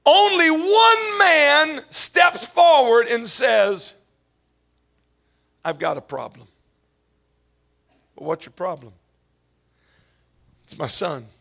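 A man preaching a sermon as pastor, swinging from hushed whispers up to shouted, tearful peaks. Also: very high-pitched, lively intonation, drawn-out words, vocal fry, long pauses.

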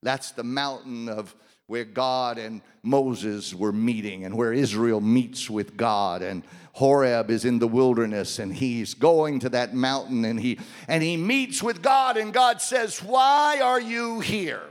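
A man preaching a sermon, swinging between loud, raised passages and hushed, quiet ones. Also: mid-range voice, measured pace. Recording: long hall reverb.

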